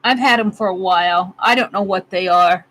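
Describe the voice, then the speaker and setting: A woman's voice: medium pitch, normal speed, a bit bright, poor audio. A woman in her sixties hosting a casual craft livestream from her home craft room, chatting with viewers and giggling often. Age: 60s. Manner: chatty, giggly, reads out comments. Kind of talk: casual chat with live viewers.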